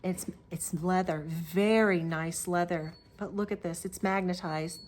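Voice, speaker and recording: A woman's voice: lowish voice, steady tone, unhurried, noisy background. A middle-aged woman hosting a crafting video, talking casually and rambling with lots of fillers and restarts. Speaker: Flosstube host. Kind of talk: casual show-and-tell vlog.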